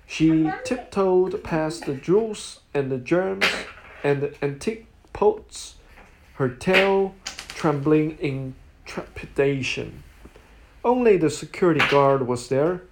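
Slow, gravelly woman storyteller. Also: deep voice, lively intonation, background noise. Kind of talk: reading a children's story aloud.

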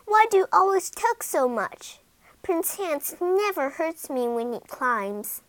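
A woman voicing a spirited young girl in a storybook reading, speaking brightly. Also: sits high, big pitch swings, takes it slowly, no room sound, voice pushed up, heavily acted. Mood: complaining.

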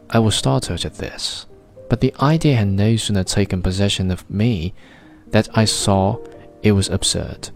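Brief: male audiobook narrator, low voice, measured literary read, soft guitar underneath. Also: vocal fry. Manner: measured, literary first-person reading. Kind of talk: scripted narration. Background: faint guitar music.

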